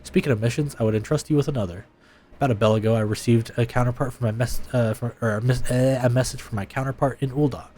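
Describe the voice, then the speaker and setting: A man reading game dialogue aloud, playing a commander who speaks in a formal, measured way. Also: mid-range voice, fairly even intonation, dark tone, lightly acted. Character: grateful commander dispatching adventurers.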